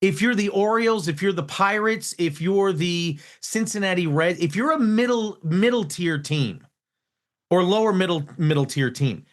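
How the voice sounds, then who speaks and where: A man hosting a radio talk show, chatting casually in an animated, exasperated way, with frequent restarts. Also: high-pitched, moderate pace. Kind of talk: casual on-air banter. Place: radio studio.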